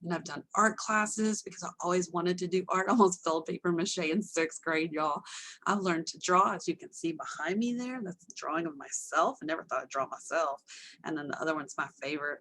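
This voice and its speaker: Woman, storyteller, casual and animated, self-mocking humor, home mic. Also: moderate pace. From Texas. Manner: animated, acts out quoted voices with sudden pitch jumps; candid, self-mocking asides. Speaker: storyteller presenting her life story to an online audience.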